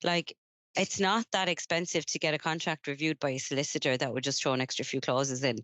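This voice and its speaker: A woman's voice: deep voice, steady tone, a little fast, a bit bright, dry recording. A woman hosting a podcast and giving practical business advice in a casual way, with fillers and repeated words.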